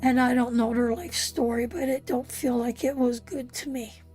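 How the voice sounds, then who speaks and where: A woman's voice: a little high, fairly even intonation, moderate pace, a little mellow, husky, soft background music. A woman from Canada giving an emotional live tarot reading, talking straight to her viewers in a heartfelt way. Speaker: tarot reader hosting a live stream.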